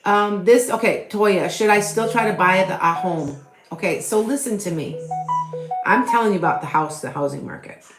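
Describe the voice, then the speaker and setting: A woman's voice: medium pitch, normal speed, over music. A middle-aged woman doing a live tarot reading, answering viewers' questions in a rambling, chatty way full of fillers and restarts. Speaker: tarot reader and psychic medium. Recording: echoey room.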